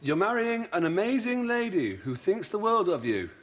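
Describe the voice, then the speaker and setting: A man's voice: high voice, sing-song, moderate pace, slight background noise. An actor playing a goofy best man, rambling from one silly joke to the next in a sitcom. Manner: jokey, rambling, goofy asides. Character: clownish, rambling male best man, young adult. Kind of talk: sitcom acting. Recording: TV sitcom recording with loud audience laughter.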